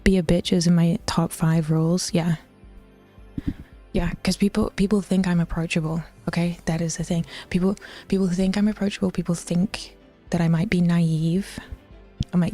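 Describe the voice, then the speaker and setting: A woman's voice: on the low side, flat delivery, normal speed, dark tone, soft background music. A woman streamer chatting casually with viewers during a workout, often half-whispering, laughing and swearing freely. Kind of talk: casual livestream chat while working out.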